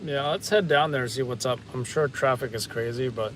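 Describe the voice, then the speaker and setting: A man's voice: mid-range voice, a little fast. A man chatting casually on a live stream from his car while he drives through city traffic, thinking aloud. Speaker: live-streaming news videographer.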